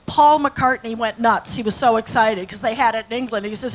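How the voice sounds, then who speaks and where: Sixties actress, slightly high voice, chatty anecdotal storyteller, faint background hiss. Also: female voice, lively intonation, a little fast, hardly any pauses, low-quality recording. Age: 60s. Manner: chatty, rambling storyteller with fillers. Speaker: actress and acting teacher. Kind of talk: anecdotal talk to an audience.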